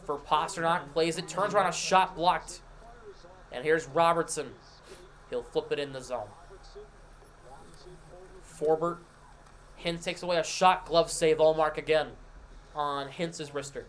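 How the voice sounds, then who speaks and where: Man calling hockey play-by-play, high voice. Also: fairly bright tone. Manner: rapid, running call of each pass and shot, with asides to chat. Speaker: play-by-play commentator and stream host. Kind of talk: live hockey play-by-play over a scoreboard stream.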